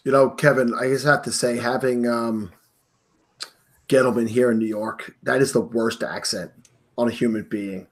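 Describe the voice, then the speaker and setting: A man's voice: mid-range voice, steady tone, normal speed. Opinionated male podcast host. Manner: opinionated, emphatic. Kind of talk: casual sports chat. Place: New York.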